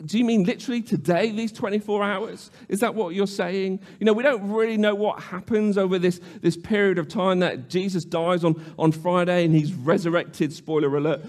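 A man's voice: sits high, fairly even intonation, normal speed, hardly any pauses, darkish tone. A man preaching a sermon, reflective and earnest, often restarting his sentences and asking questions aloud.

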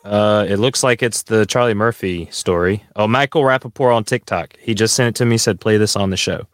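A man's voice: fairly low pitch, fairly quick, no echo. A man co-hosting a live podcast, tossing in dry joking asides. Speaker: podcast co-host. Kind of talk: casual live podcast chat.

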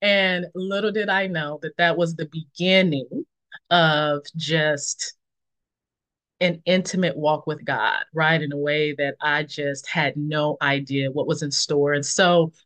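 A woman in her forties, a podcast guest, shares her faith testimony in conversation. She is reflective and unhurried, pausing often with fillers, and acts out quoted friends in lively high voices.

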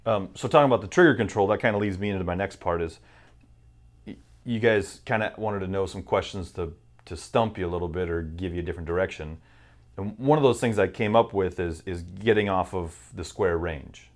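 Very deep-voiced male interviewer. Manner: long winding questions with examples. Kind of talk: casual interview questions.

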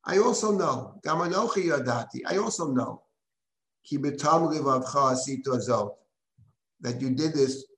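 A man teaching a live text-study class, reading Hebrew verses aloud and then translating and explaining them with frequent restarts. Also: mid-range voice. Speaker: rabbi teaching a Bible class. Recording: roomy echo.

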